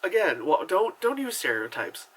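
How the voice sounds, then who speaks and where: A man chats through a movie review in an animated, rambling way, piling up asides and "you know"s. His voice sits a little high and sounds bright and sharp. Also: normal speed, a little hiss or hum, poor audio. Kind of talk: casual chat.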